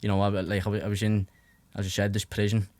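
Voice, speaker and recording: Young Scouse man, podcast guest, low-ish voice, dry close sound, rambling casual storyteller. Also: completely flat delivery, fast talker, darkish tone, no room sound. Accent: Liverpool (Scouse). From Liverpool, England. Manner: rambling, heavy fillers and restarts, swears freely.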